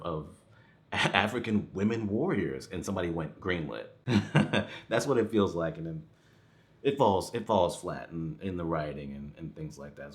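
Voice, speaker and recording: Guy with a low voice doing a loose chatty movie review, lots of ums and restarts. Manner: rambling, many restarts and fillers, chuckles often. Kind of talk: casual spoken movie review.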